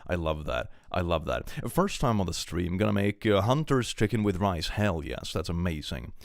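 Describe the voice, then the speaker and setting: A man's voice: sits low, expressive, moderate pace, gravelly, no room sound, clean studio sound. A young man from Sweden with a Swedish accent, chatting casually on a live stream and reading out chat, sarcastic and swearing freely.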